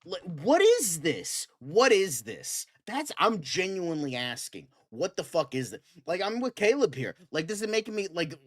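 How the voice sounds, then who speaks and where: A man's voice: high voice, huge pitch swings, moderate pace, hardly any pauses. A man co-hosting a fan talk show, ranting heatedly and swearing constantly. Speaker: co-host. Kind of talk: profane ranting chat.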